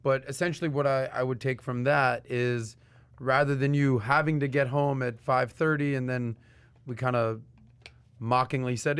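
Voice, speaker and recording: A man's voice: mid-range voice, fairly even intonation, moderate pace, a bit bright, clean tone, no room sound. A man co-hosting a casual chat show, rambling and joking. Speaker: co-host.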